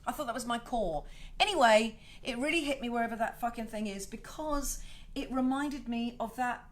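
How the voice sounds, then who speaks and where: A woman's voice: on the high side, moderate pace. Emotional, profane woman ranting. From South Wales. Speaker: host. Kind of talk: casual livestream rant.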